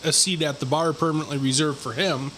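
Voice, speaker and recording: A man co-hosts a podcast with relaxed, stammering chat. His voice sits a little high for a man. Faint background noise runs under him. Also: a little fast. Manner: stammering, conversational.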